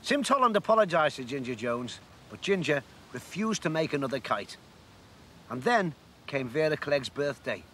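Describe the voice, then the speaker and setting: A man reading a storybook aloud in an expressive, measured way. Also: on the high side, a little hiss or hum.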